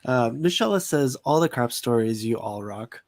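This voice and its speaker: A man's voice: medium pitch, vocal fry. A man co-hosting a casual podcast, chatting with a chuckle and reading out messages from listeners. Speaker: podcast co-host, casino dealer.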